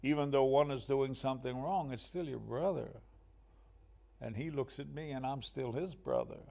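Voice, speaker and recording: A male actor in an archive interview, talking in a halting, reflective way and searching for words. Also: medium pitch, gravelly, darkish tone.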